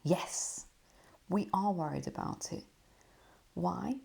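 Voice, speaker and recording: A woman hosting a podcast, giving a Torah lesson as a story, full of rhetorical questions and soft dips for emphasis. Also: on the low side, takes it slowly, gravelly. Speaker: podcast host and Torah teacher.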